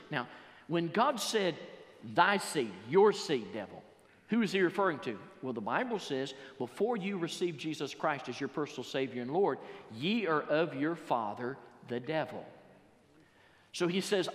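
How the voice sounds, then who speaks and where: A man preaching a sermon, quoting scripture, then stressing key words slowly and rising to loud emphatic peaks. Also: on the high side, animated. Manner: quotes scripture and paraphrases it. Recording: long reverb of a large hall.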